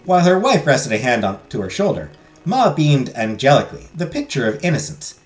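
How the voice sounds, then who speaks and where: A man's voice: medium pitch, big pitch swings, a little fast, reverberant, soft background music. A man from Canada narrating a second-person story with chatty asides. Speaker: audio drama narrator.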